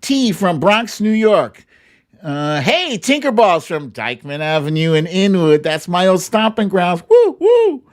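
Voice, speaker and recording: Hosting a live stream, this man reads out viewers' greetings in a high, lively, unhurried voice. He adds playful, sing-song asides and little hums as he works through the chat roll call.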